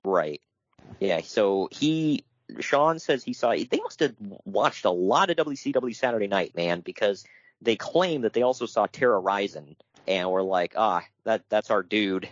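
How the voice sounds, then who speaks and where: A man's voice: fairly low pitch, animated, measured pace, no echo, dull audio. A man co-hosting a casual podcast, reading from his notes and riffing on them with wry asides and frequent laughter. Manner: wry, laughs often, reads notes then riffs. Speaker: podcast co-host.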